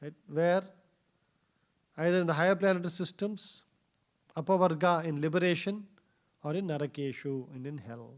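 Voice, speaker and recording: A man giving a scripture class in a temple, telling a story with many fillers and pauses. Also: fairly high pitch. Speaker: scripture speaker. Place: temple hall.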